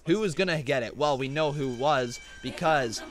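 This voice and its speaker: A man's voice: medium pitch, normal speed. A man hosting a live reaction stream, chatting casually and reading out viewer donations and questions. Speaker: livestream host.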